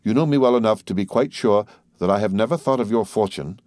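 A man's voice: on the low side, fast talker, darkish tone, no echo, clean studio sound, lightly acted. A man voicing a tender, devoted young granddaughter who speaks in an earnest, pleading way.

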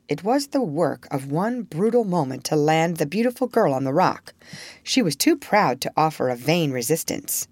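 A woman narrator reading a storybook aloud in a measured, expressive way. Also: deep voice, no echo.

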